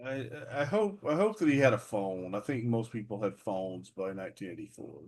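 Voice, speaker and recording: A man's voice: lowish voice, expressive, normal speed, darkish tone. A man co-hosting a podcast, chatting casually and joking, laughing often and stammering at the starts of his sentences. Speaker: podcast co-host. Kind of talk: casual chat about classic wrestling.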